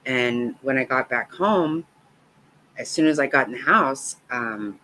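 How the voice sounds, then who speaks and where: Low-voiced woman telling a story. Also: lively intonation, measured pace, fairly bright tone, slight background noise, poor audio. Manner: rambling, swears freely, laughs between lines. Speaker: vlogger telling a personal story. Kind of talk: casual storytelling.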